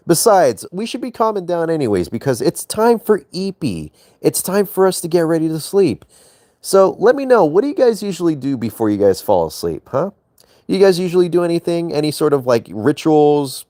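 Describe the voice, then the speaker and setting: A man's voice: a little high, dark tone, no room sound, studio quality. A young man chatting casually to his viewers on a late-night livestream, playful and teasing with joking innuendo.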